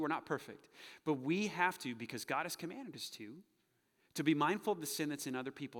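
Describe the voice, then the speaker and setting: Animated male pastor in a reverberant hall. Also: a little high. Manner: animated preaching, acting out quoted voices, dropping to soft hushed moments. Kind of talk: sermon. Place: church sanctuary.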